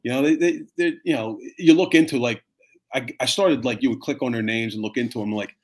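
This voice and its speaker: A fire captain in his fifties telling stories in a casual, animated way, swearing freely and acting out the people in them. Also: mid-range voice, fairly quick. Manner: animated, profane, acts out voices in his stories. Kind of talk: casual storytelling chat.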